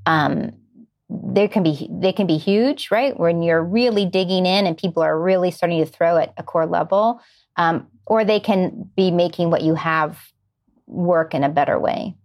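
A woman's voice: fairly low pitch, moderate pace, a little mellow. A middle-aged woman, a screenwriter, answering interview questions in an earnest way and explaining her ideas through everyday examples. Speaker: screenwriter guest.

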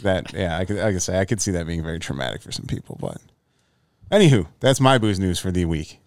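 A man's voice: low-pitched, expressive, fast talker, no echo, clean studio sound. A man co-hosting a podcast in casual chat, easygoing and amused, often restarting his sentences. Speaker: podcast co-host.

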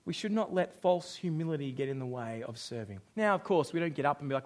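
A man's voice: high-pitched, fairly quick. A young Australian man preaching a sermon as pastor, joking and acting out quoted voices. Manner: jokey, animated, acts out quoted voices.

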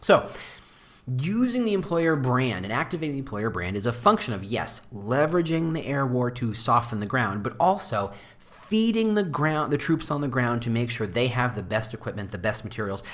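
A man talks shop in a loose, riffing monologue. His pitch swings widely, with sudden jumps up into mocking voices for quoted lines. Between those jumps he drops into dry, self-deprecating asides. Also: fairly quick. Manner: animated, jumps into high mock voices for quotes. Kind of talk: casual monologue on employer branding.

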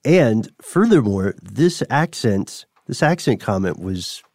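A man hosting a podcast, explaining things in a measured, casual way and laughing often. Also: on the low side, sing-song, a little mellow, no room sound, studio quality. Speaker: podcast host.

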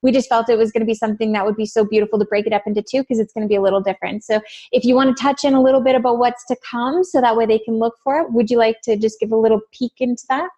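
A woman's voice: a little high, fairly even intonation, racing, hardly any pauses, mellow. A woman hosting a podcast, upbeat and gushing as she talks with a guest. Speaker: podcast host. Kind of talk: casual podcast chat.

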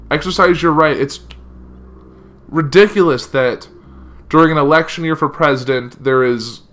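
A man's voice: medium pitch, bright, forceful tone. A young man reading a news article aloud and giving casual opinions, with many "like" fillers. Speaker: political commentary vlogger.

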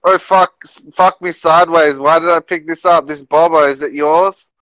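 A man's voice: a little high, fairly even intonation, normal speed, fairly bright tone, no room sound, voice pushed up, natural voice, poor audio. A man voicing a flustered young male office worker in an exaggerated put-on British accent, crude and over the top.

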